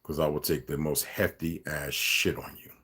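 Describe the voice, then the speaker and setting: A man's voice: very deep voice, level tone, moderate pace, fairly bright tone, husky. A man talking casually on a livestream, blunt and preachy, swearing freely, with many fillers. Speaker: livestream vlogger. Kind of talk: casual rambling livestream talk.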